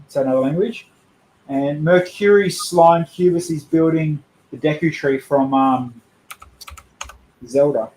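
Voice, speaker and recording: A young man with a slightly high voice chats casually on a livestream. He is blunt, joking and sweary. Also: unhurried, darkish tone, echoey room, poor audio. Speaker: streamer host.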